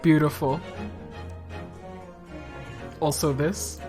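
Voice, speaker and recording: Woman streamer, unhurried delivery, blunt, swears a lot, faint game music behind. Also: sits low, fairly even intonation, mellow. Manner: blunt, swears a lot, laughs often, chatty asides. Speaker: let's play streamer. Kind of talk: casual gameplay commentary.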